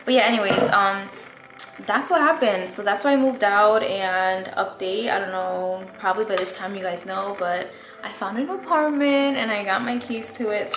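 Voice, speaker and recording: Recorded in an echoey room with faint ambience and a little hiss or hum, this clip features a young female vlogger giving a chatty story-time update from her apartment. Her mid-range voice has a fairly bright tone, and she rambles with lots of fillers and "like".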